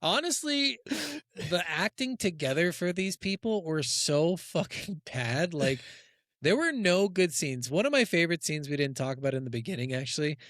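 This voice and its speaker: A man's voice: a little high, expressive, moderate pace, fairly bright tone, no echo, clean studio sound. A man co-hosting a podcast in casual chat, crude and joking, often laughing. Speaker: podcast co-host.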